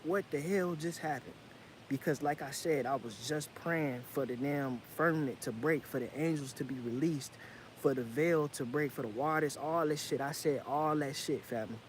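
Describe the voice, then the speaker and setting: A man's voice: mid-range voice, normal speed, slight background noise, rough recording. Intense man telling a story to viewers. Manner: intense, repetitive, profane, addresses viewers as family. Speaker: vlogger. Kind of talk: casual storytelling monologue.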